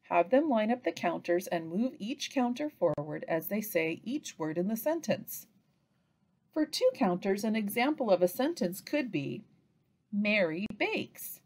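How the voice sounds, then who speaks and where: A woman giving an instructional training narration for early reading teachers, pausing to chant example phrases. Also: medium pitch. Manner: slow, lively delivery with chanted example phrases.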